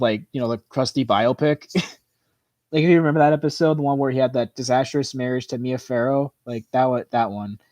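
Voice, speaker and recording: A man hosting a livestream in a casual, rambling chat, filling his talk with "like" and "you know" as his voice tires and goes hoarse. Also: mid-range voice, darkish tone, no room sound. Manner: rambling, full of "like" and "you know", quick laughs. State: voice tiring and hoarse. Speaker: livestream host. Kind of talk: casual chat reacting to viewer comments.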